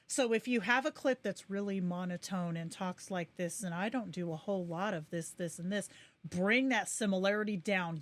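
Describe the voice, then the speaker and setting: A woman with a medium-pitched voice hosts a livestream, recorded with no room sound. She gives a casual tutorial, chatting as she clicks through settings.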